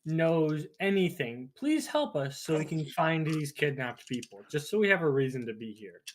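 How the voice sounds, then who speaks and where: A tipsy man at a tabletop game, rambling and loose, swearing when he slips. His voice sits a little high and swings widely. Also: big pitch swings, normal speed, a little hiss or hum. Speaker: player.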